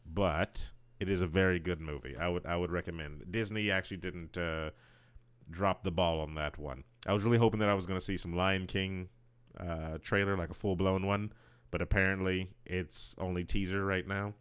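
A low-pitched American man talks loosely in a relaxed podcast conversation. His voice is smooth and clean, and he often restarts his sentences mid-thought. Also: moderate pace, dry recording. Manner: rambling, self-correcting, laughs often. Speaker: podcast co-host. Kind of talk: casual chat.

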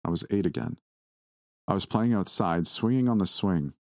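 Man narrating creepy story, real low voice, dry close sound, steady pace. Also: no echo. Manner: measured, steady reading. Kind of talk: scripted first-person horror narration.

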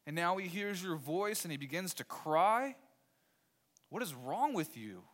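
A man's voice: high-pitched, sing-song, unhurried, fairly bright tone. A man preaching a sermon as pastor, emphatic, repeating key phrases and putting rhetorical questions to his listeners.

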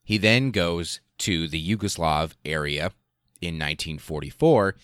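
A man hosting a podcast, telling a history story in a casual, animated way with profanity and lots of fillers. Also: low voice, unhurried, smooth, no room sound, studio quality. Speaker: podcast host.

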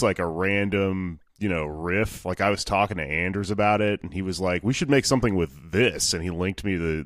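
A man's voice: sits low, fairly bright tone, no room sound, clean studio sound. A man who is a comedian, chatting casually as a podcast guest, rambling and self-deprecating with frequent laughs. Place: home recording over remote call.

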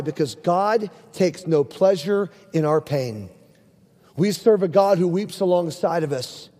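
A man's voice: high-pitched, dark tone. A middle-aged man, a pastor, preaching an earnest, emphatic sermon and calling out to his congregation. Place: church sanctuary. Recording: long hall reverb.

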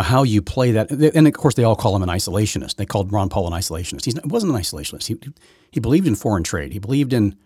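A man's voice: lowish voice, mellow, breathy edge, no echo, clean studio sound. A man hosting his own podcast, giving rambling, opinionated solo commentary full of restarts and repeated words. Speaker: podcast host.

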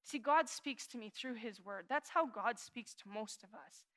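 Woman pastor in her 30s, kinda high voice, earnest sermon, goes soft on the prayers then gets animated. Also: normal speed. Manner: earnest, confessional, shifting from hushed prayer to animated emphasis.

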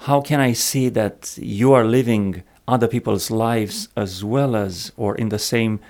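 A man talking slowly and reflectively about a Bible passage, pausing often with fillers. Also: on the low side, steady tone, a little mellow. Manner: slow and reflective, many pauses and fillers. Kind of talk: Bible study discussion.

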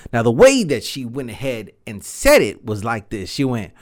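A man in his thirties hosting a podcast, telling a story in a rambling, animated way and swearing freely. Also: mid-range voice, normal speed. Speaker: podcast host. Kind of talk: casual storytelling monologue.

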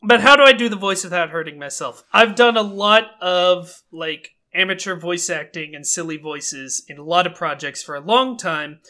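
A young man co-hosting a podcast in casual chat, talkative and quick to laugh at himself. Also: sits high, pushed and bright. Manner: chatty, self-amused, laughs often. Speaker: podcast co-host.

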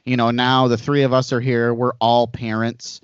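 A man's voice: medium pitch, normal speed, clean tone, dry recording. Male podcast host, casual rambling talker, dry lo-fi recording. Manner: rambling storyteller, animated asides. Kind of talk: casual chat.

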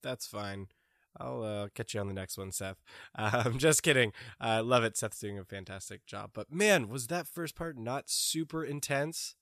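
A man's voice: medium pitch, moderate pace, no room sound, clean studio sound. A man, a regular player on a tabletop podcast, chatting casually and joking. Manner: relaxed, joking, enthusiastic. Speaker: podcast player and former game master. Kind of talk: casual chat.

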